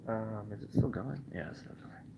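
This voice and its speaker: A man's voice: on the low side, animated, normal speed, vocal fry, heavy background noise. A young man rambling casually with lots of fillers, livestreaming from his bed. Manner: meandering, many fillers. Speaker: vlogger. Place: in bed at home.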